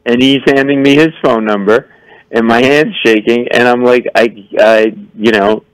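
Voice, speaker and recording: A man's voice: mid-range voice, normal speed, smooth, no room sound, rough recording. A man, a comedian guest on a radio show, telling a story with lots of acted-out voices and mock stammering. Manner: excitable, acts out voices, stammers for effect. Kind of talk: animated storytelling.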